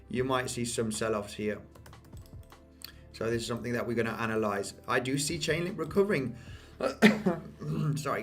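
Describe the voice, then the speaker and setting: A man giving casual market commentary over price charts, losing his voice, repeating himself and often asking "okay?". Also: medium pitch. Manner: repetitive, addresses viewers as guys, frequent "okay?" and "you know". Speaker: crypto market analyst.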